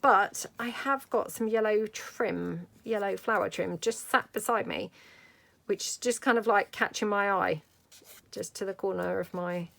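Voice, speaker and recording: Chatty woman with gravelly voice. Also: mid-range voice, measured pace, fairly bright tone. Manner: chatty, thinks aloud while working. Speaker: craft vlogger. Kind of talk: casual crafting tutorial chat.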